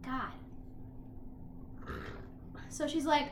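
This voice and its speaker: Young woman, high pitch, echoey room, foul-mouthed casual chat. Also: slow pace, pauses often, a little hiss or hum. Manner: swearing, animated storytelling, eating while talking. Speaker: podcast co-host.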